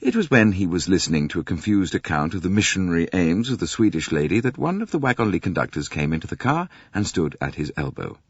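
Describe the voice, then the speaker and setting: A man reading an audiobook in a measured, expressive storytelling manner. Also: low-pitched, slightly rough, no echo. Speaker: audiobook reader. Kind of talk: scripted audiobook narration. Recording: dull, dry lo-fi audiobook recording.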